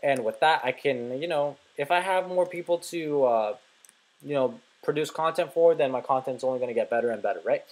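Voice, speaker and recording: A young man from North America talks over his own gameplay in a loose, rambling way, drifting off into stories. His voice sits at an ordinary middle pitch, and he swears freely and leans on fillers as he goes. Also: fairly quick, darkish tone, low-quality recording. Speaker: let's play host.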